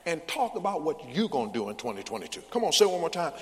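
Man, pastor, sermon, call-and-response, fairly high voice, very lively pitch, long hall reverb. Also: fast, few pauses. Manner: call-and-response preaching, rising to loud bursts. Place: large church sanctuary.

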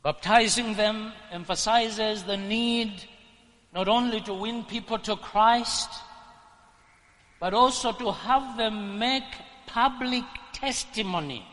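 Male preacher, bright high voice, deliberate and emphatic sermon delivery. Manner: emphatic, rising to shouts at peaks. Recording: long hall reverb.

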